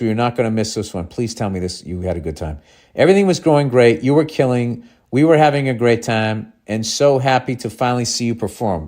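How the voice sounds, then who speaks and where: A man's voice: lowish voice, darkish tone. A man hosting a podcast, reading a listener's letter aloud and breaking in with profane, sarcastic asides. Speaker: podcast host.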